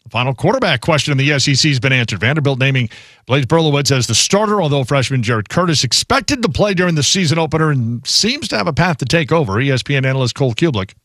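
A man anchoring a sports news segment, reading a script in a measured way. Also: medium pitch, lively intonation, fairly bright tone, no room sound, clean studio sound.

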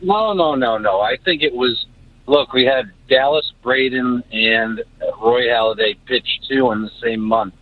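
A man calling in to a sports radio show, eager and a little halting. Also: mid-range voice. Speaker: caller. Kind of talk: call-in talk. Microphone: phone. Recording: dull phone-line sound.

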